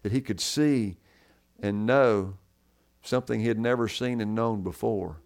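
A man's voice: on the low side, measured pace, vocal fry, darkish tone. A man preaching a sermon as pastor, earnest and repeating key words for emphasis.

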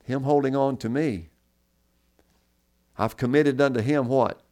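A man's voice: mid-range voice, normal speed, long pauses, mellow. A man preaching a sermon as pastor, earnest and repeating key words for emphasis.

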